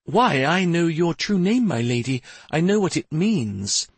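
Man doing a tiny female fairy servant, high tinkling voice, soft and coaxing, eager to please, storybook reading. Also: sing-song, measured pace, husky, dry recording, full character voice. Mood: gentle. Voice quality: tinkling chime voice.

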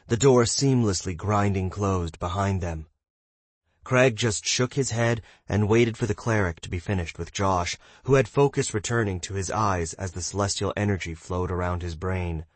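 A man narrating a fantasy novel as an audiobook reader, doing the characters' voices himself. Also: no echo. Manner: reads narration evenly, voices characters with shouts and raised pitch.

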